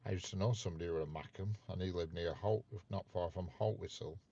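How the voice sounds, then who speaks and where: A man's voice: deep voice, fast talker, creaky, warm tone, breathy edge, lo-fi sound. A man hosting a casual live stream, chatting with viewers and playfully quizzing them. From north of England. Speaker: livestream host chatting with viewers.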